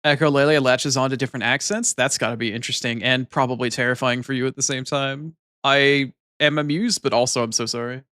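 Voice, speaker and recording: A man's voice: medium pitch, fairly even intonation, brisk, sharp tone, smooth, dry recording, clean studio sound. A man streaming live, bantering with his chat casually, teasing and swearing freely.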